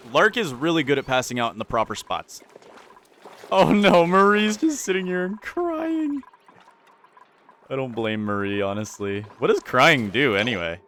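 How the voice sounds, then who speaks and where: A man's voice: medium pitch, animated, measured pace, a bit bright. Male gameplay commentator, anxious, repeats himself, faint hiss behind. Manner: anxious, talks to his characters, repeats lines. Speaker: gaming YouTuber.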